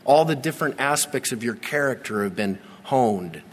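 A man in his forties preaching a sermon, earnest and repetitive, with dramatic slow pauses. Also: medium pitch, expressive. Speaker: pastor. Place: church sanctuary. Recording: long reverb of a large church hall.

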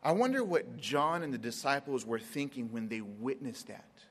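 A man preaching a sermon in a mid-pitched voice. He stretches key words, leaves long pauses, and slips into quoted voices to act out scenes. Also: expressive, big-room sound. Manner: dramatic pauses, acts out Bible scenes in quotes.

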